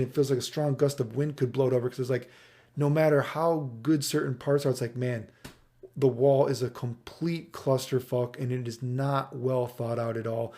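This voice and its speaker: A man's voice: mid-range voice, warm tone. A man giving a casual, rambling and frustrated rant about a fighting game, swearing freely.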